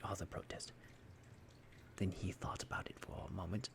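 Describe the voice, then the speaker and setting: A man reading a story aloud in soft, whispered ASMR bedtime narration. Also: low voice, little pitch movement, normal speed, vocal fry, long pauses.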